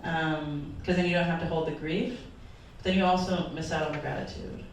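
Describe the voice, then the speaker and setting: A woman's voice: low voice, fairly even intonation, fairly quick, slight background noise. A woman pastor giving an earnest, emotional sermon, her voice sometimes wavering as if near tears. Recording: echoey hall from far off.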